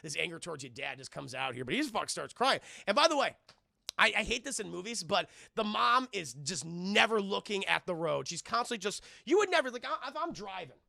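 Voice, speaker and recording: A man's voice: high-pitched, very animated, a little fast, creaky, sharp tone, no echo, clean studio sound. A man streaming a casual film recap, rambling and swearing as he keeps talking to his chat. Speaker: film reviewer streaming live.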